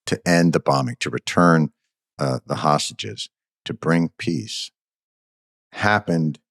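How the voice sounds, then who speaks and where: A man hosting a podcast, giving a sarcastic, mock-grand comic monologue with halting fillers. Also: deep voice, creaky, husky, dry recording, clean studio sound. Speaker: host.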